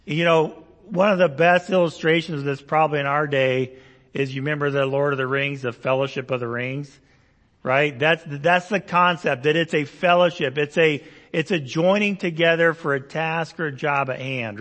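A man's voice: a little high, steady tone, normal speed, fairly bright tone, in a large hall. A man preaching a Bible-teaching sermon, explaining verses conversationally with asides and rhetorical questions. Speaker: pastor.

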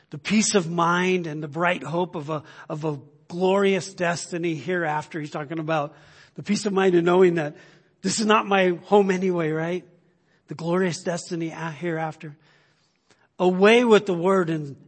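A man preaching a sermon, emphatic and full of rhetorical questions, swinging between loud urging and hushed, quiet points. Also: on the high side, husky. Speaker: pastor.

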